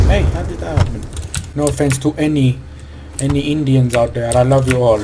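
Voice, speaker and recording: A man giving goofy casual commentary over his gameplay, breaking into excited whoops and yells. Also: medium pitch, fairly quick. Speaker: gamer making commentary videos. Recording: keyboard clicks and typing noise.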